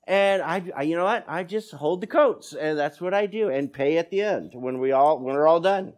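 A man's voice: on the high side, moderate pace. A middle-aged man preaching a sermon as pastor, telling stories with quoted dialogue. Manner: animated storytelling with quoted dialogue.

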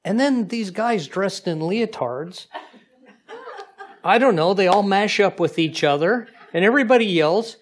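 A man preaching a sermon in a conversational, animated way, with frequent asides to the congregation. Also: sits high, a little slow. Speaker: pastor.

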